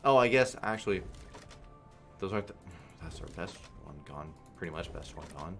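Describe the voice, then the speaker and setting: A man with a low, deep voice gives loose, profane running commentary on his own slot play, cursing and reasoning aloud in a frustrated tone. Faint music plays underneath. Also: animated, moderate pace, vocal fry. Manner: frustrated, swearing, thinking aloud. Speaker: online slot streamer.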